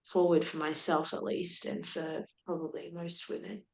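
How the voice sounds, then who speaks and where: A woman's voice: lowish voice, normal speed, vocal fry. A young adult woman, a podcast guest animatedly retelling a personal story, acting out what people said. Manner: animated retelling with laughs and quoted speech. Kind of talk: candid storytelling in conversation. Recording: roomy echo.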